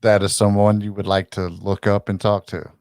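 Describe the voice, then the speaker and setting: A man's voice: lowish voice, little pitch movement, normal speed, a little mellow, no echo, studio quality. A man co-hosting a live audio chat show in a laid-back way, prompting the guest to do accents. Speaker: co-host. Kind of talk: casual chat.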